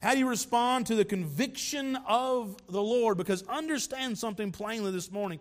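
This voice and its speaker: A man, a pastor preaching a sermon in an earnest way with light asides. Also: sits high.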